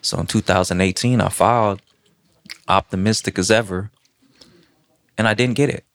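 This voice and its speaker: Deep-voiced young man telling his story. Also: normal speed, no room sound, studio quality. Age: 20s. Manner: animated, slangy, self-mocking. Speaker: storyteller guest. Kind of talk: conversational personal storytelling. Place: prison.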